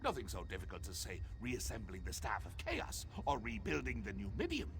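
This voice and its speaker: An actor playing a capricious, theatrical mad trickster god in a video game, with a gravelly voice and a mocking, whimsical delivery that jumps between whispers and shouts. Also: male voice, lowish voice, wildly swooping pitch, brisk, exaggerated voice. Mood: scheming. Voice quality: gravelly, wildly swooping delivery. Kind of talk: video game character dialogue.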